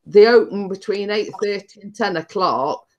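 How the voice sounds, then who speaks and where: A woman's voice: mid-range voice, normal speed, a little mellow, lo-fi sound. A woman hosting a casual chat, rambling and repeating her words as she tells a story. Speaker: host.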